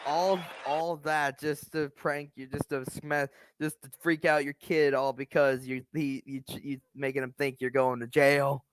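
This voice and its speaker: Guy reacting to a clip, slow and lively, dry close mic. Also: medium pitch, clear, resonant tone, dry recording. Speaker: video reactor. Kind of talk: reaction commentary.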